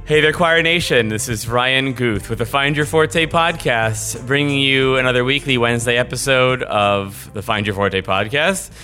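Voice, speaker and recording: Bright, chatty male podcast host. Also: mid-range voice, normal speed, few pauses, faint music behind. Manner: chatty, animated, rambling asides. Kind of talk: casual interview chat.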